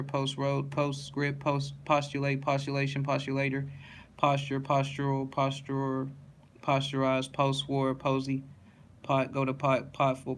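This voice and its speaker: A man reading a list of words aloud one by one, steady and plain, with small slips and self-corrections. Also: mid-range voice, slight background noise.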